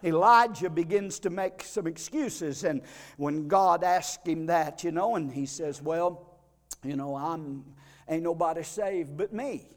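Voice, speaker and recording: High-voiced preacher in a reverberant hall. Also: male voice, measured pace. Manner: builds to shouting climaxes, then drops to a hush; conversational, with fillers and call-outs to the congregation. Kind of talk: sermon.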